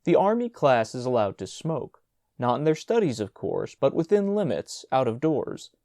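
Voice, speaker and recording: An easygoing school chaplain in a storybook, voiced by a male narrator, talking in a soothing, reasonable way with a mellow tone. The recording is dry and close. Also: mid-range voice, very animated, normal speed, no echo.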